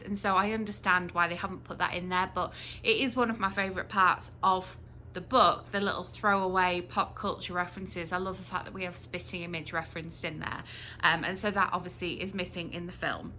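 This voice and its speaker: A woman from the UK with a bright, crisp voice, talking casually to her viewers as a book vlogger. She rambles in a friendly way, full of ums and little restarts. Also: medium pitch, slight background noise. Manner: chatty, many ums and restarts. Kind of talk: casual chatty review to camera.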